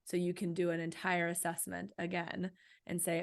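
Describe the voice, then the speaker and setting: Low, gravelly-voiced woman coaching. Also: flat delivery, a little fast. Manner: practical, coaching tone with frequent "right?". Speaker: author and guest. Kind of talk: podcast interview answers.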